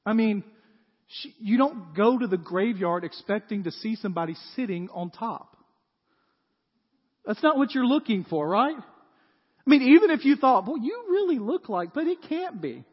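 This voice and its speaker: A man's voice: sits high, expressive, unhurried, pauses often, breathy edge. A male pastor giving a conversational sermon, often asking the audience rhetorical questions. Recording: dull sound with long hall reverb.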